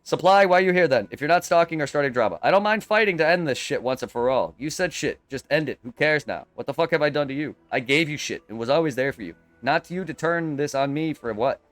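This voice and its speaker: Brief: male streamer, fairly high voice, heated profane venting, soft music underneath. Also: expressive, fast, hardly any pauses, no echo. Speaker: game streamer. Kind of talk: live stream rant.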